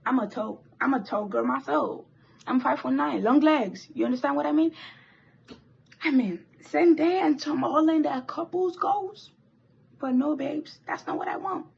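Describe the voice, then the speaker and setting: A teenage girl telling a rambling, animated story while doing her makeup, with swearing and asides. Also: high voice, measured pace, gravelly, lo-fi sound. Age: teens. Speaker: vlogger. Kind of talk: chatty get-ready-with-me story time.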